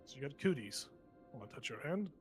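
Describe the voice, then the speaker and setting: A man's voice: mid-range voice, sing-song, fairly quick, a little mellow, faint music behind. A man running a tabletop game as game master, talking in a loose, teasing way with lots of fillers.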